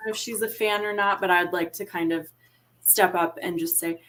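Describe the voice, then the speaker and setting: A woman's voice: on the low side, steady tone, moderate pace, fairly bright tone. A woman playing a tabletop game, politely and tentatively explaining what her character does. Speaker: player. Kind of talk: tabletop role-play chat.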